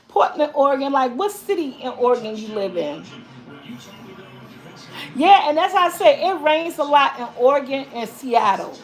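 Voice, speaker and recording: High-voiced woman chatting casually to viewers. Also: lively intonation, normal speed, pauses often, faint music behind. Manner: rambling and repetitive, addresses viewers as y'all. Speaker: vlogger host. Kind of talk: casual live-stream chat reading viewer comments.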